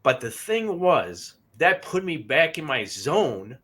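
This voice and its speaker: A man hosting a podcast tells a personal story, restarting his sentences and getting emotional. His voice is bright and sits a little high for a man. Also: very animated, breathy edge. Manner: emotional, halting, repeats words. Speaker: podcast co-host. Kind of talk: casual storytelling.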